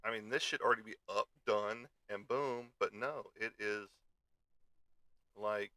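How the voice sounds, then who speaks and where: A man's voice: on the low side, fairly even intonation, measured pace, pushed and bright, no room sound. A man hosting a casual live stream, grumbling and swearing in frustration at his misbehaving computer. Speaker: show host.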